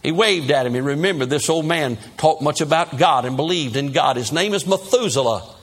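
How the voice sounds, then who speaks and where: A man's voice: on the high side, brisk, breathy edge. A male preacher telling a Bible story dramatically and acting out the characters. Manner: animated, acts out the characters.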